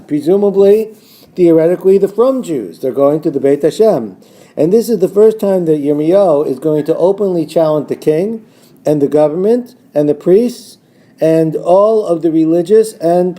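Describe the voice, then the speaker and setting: Bright man teaching a Bible lesson. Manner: reads Hebrew verses slowly and translates them line by line; rises in pitch when quoting the false prophets' words. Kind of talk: recorded lesson on a biblical text.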